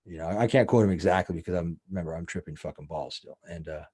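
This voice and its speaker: Husky and warm, the man's voice sits low as he talks fast while hosting a show. His storytelling is casual, rambling and profane, scattered with filler words.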